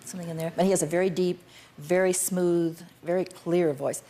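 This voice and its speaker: A woman's voice: fairly low pitch, fairly even intonation, a little fast, dark tone. An older woman, a guest on a talk show, answering in a plainspoken, firm way. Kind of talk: candid interview answers.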